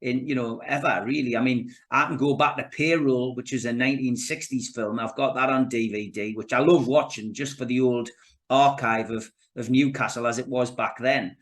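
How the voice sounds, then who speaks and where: Fairly even intonation, medium pitch and a normal speed mark this man's voice. He's a podcast guest from North East England with a Geordie accent, chatting casually, restarting frequently and calling the host "mate" with plenty of "you know, mate."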